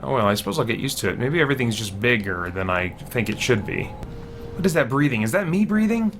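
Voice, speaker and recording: A man's voice: mid-range voice, a little fast, faint music behind. A man commentating on his own gameplay, talking to himself, easily startled and often exclaiming. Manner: jumpy, excitable, easily startled. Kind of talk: let's play commentary.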